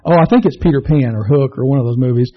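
A man's voice: mid-range voice, fast talker, dull audio. A man preaching a sermon in a conversational, self-deprecating way, mixing jokes with scripture. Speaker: pastor.

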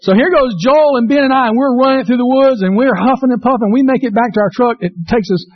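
Man, high voice, dry close sound, slightly dull recording, animated folksy sermon. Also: fast talker, no echo. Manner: animated storyteller, folksy and emphatic. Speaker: pastor. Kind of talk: sermon with personal story.

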